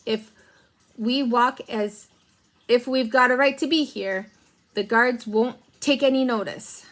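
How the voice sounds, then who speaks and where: A woman's voice: on the high side, takes it slowly, a bit bright. A level-headed male philosopher reasons things out in an explaining tone, as a woman reads him aloud. He speaks steadily and a little wordily, as in a storybook. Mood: reasoning.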